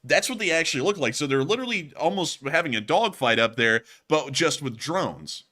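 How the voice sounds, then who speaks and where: A man's voice: on the high side, expressive, brisk, sharp tone. A man co-hosting a casual war news stream, talking energetically and joking, with lots of "man" and "like". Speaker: co-host.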